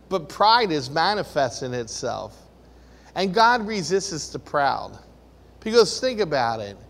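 A man's voice: a little high, in a large hall. A man preaching a sermon to a room of listeners, earnest and full of rhetorical questions.

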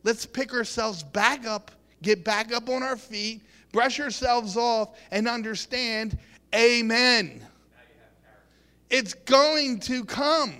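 A man's voice: very high-pitched, slow pace, bright, forceful tone, clear, resonant tone. A man preaching an earnest sermon, repeating and restarting words and acting out quotes, recorded in a reverberant hall.

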